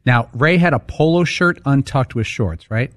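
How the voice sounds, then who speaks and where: A man's voice: mid-range voice, expressive, normal speed, fairly bright tone, no echo, clean studio sound. A man cohosting a radio talk show, asking matter-of-fact questions. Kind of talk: casual studio chat.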